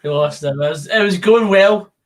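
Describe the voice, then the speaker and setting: A man co-hosting a casual football chat, relaxed and amused. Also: high-pitched, moderate pace.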